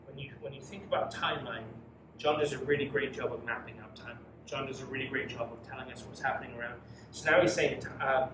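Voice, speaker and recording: A man teaching a youth Bible study, preaching emphatically and reading scripture dramatically. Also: medium pitch. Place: church room. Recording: echoey room from far off with noise.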